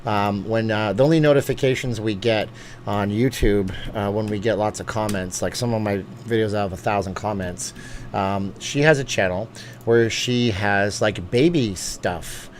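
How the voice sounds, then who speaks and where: A man's voice: fairly low pitch, slight background noise. A man hosting a casual live-stream chat, rambling from one topic to the next. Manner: rambling, chatty, quick asides and laughs.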